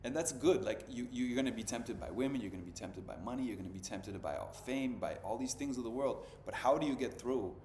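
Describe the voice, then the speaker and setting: In an echoey room with faint ambient noise, a man in his thirties hosts a podcast, chatting in a loose, slangy way packed with "bro" and "dude." His mid-range voice is a little mellow, and he talks a little fast with few pauses.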